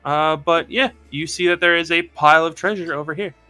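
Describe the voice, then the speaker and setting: A man narrating as game master, halting and rambling with many fillers. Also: on the high side, sharp tone, clean tone, faint music behind. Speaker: dungeon master.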